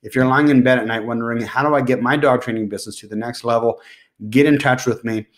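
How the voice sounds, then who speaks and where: A man's voice: mid-range voice, steady tone, fast talker. Emphatic man giving business advice. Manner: direct, emphatic advice with repeated points. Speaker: podcast host. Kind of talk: solo business podcast monologue.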